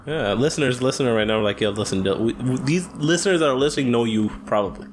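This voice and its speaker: A young man co-hosting a podcast in casual chat, animated and jokey, laughing often. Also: medium pitch, fast talker, slight background noise. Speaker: podcast co-host.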